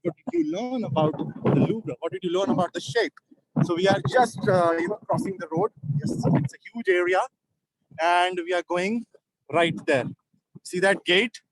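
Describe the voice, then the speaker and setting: High-voiced man explaining to kids. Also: sing-song. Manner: slow, explaining patiently to children. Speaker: travel vlogger addressing children. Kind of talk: casual outdoor travel vlog talk to kids. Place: outdoors in a city square.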